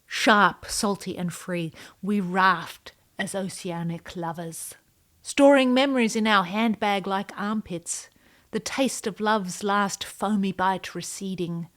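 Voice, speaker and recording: A woman's voice: mid-range voice, slow pace, fairly bright tone. A woman voicing an earnest female sea otter who writes personal ads and poems, read out in the first person. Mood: poetic.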